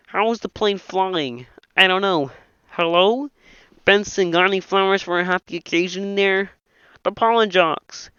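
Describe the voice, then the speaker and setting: A man's voice: high-pitched, smooth, no room sound. A man doing an impression of a nasal puppet frog, reading every part of a film script in that one voice. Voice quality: nasal, bright and reedy. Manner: voices all the film's characters in one frog voice. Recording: dull, lo-fi, dry home mic.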